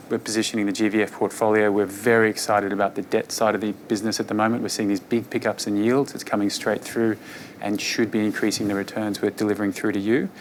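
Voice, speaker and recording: A fund manager, a man, giving an investor presentation on markets in a relaxed, conversational way with frequent fillers. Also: lowish voice, a little hiss or hum.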